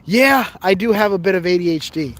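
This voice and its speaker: A man's voice: high voice, expressive, a little fast, a bit bright. A tired man chatting casually on a phone live stream while he explores outdoors, rambling, joking and reading viewer comments aloud. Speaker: livestream host exploring outdoors. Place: outdoors on rough open ground. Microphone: phone camera held while walking.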